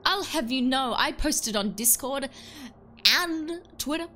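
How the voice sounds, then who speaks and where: A woman's voice: high voice, lively intonation, slow pace, bright, forceful tone, slight background noise. A woman chatting casually on a live stream while playing a game, joking and greeting her chat between yawns.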